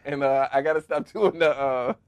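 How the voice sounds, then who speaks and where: A man's voice: mid-range voice, normal speed, no room sound. Laughing, joking male podcast co-host. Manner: laughs often, animated and joking. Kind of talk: casual chat.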